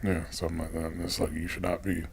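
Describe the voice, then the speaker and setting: Very deep-voiced man chatting casually. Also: fast, crowd noise. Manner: relaxed, explains at length, frequent agreeing murmurs. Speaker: podcast co-host. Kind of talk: casual movie discussion.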